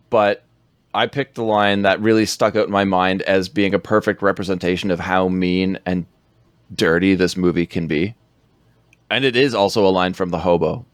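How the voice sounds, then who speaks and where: Low-voiced man in casual podcast chat. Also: dry recording. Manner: laid-back, hesitant with fillers, quotes lines in a low growl. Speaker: podcast co-host. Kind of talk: casual film review chat.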